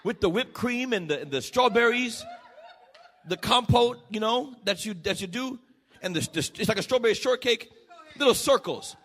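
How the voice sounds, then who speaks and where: A male pastor preaching a sermon in a church, building to shouted peaks and dropping to quiet, low passages. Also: lively intonation, moderate pace. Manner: shouting, rising to emphatic peaks.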